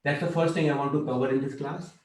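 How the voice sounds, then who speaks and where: A man's voice: medium pitch, steady tone, quick pace, reverberant, low-quality recording. A man teaching a language class, explaining patiently and checking in with students often. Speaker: Hindi teacher.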